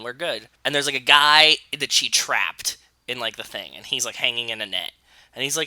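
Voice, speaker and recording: A man co-hosting a podcast, casually retelling a TV episode and slipping into quick mocking voices for the characters. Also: mid-range voice, sharp tone, no room sound. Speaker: podcast co-host. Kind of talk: casual chat.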